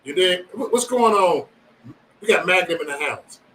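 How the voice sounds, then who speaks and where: A man's voice: high-pitched, expressive, moderate pace, a bit bright, recorded from a distance, rough recording. A man hosting a livestream, chatting casually with viewers in profane, rambling banter and joking threats. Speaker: livestream host.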